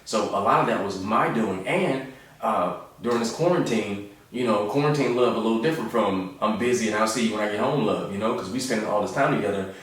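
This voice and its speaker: A man in his thirties, a comedian telling stories in a relaxed, joking way and acting out the voices of the people in them. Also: fairly low pitch, brisk, very echoey, far from the mic. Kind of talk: casual storytelling monologue.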